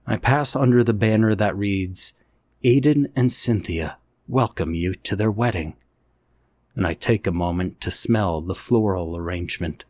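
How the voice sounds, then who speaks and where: A man with a very low voice narrates a ghost story in the first person. His reading is scripted, steady and measured, with careful pacing.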